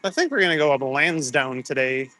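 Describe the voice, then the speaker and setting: Out on the nighttime streets, a man chats loosely with his live-stream audience through his phone camera, saying hello and laughing freely. He talks a little fast in a slightly high, pushed and bright voice with big pitch swings. No room sound is audible.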